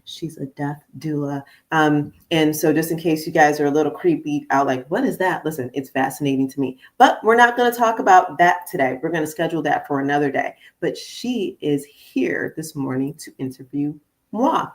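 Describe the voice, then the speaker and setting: A woman's voice: low-pitched, lively intonation, a little fast. A middle-aged woman hosting her own podcast as a conflict coach, talking casually and animatedly to listeners, calling them "y'all". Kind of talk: casual morning podcast monologue. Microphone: studio podcast microphone.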